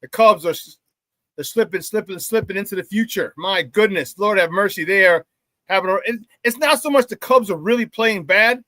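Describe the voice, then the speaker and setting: A man hosting a live sports talk show, hyped and loud, with casual slangy banter as he reads out chat shout-outs. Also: high voice, moderate pace, no echo.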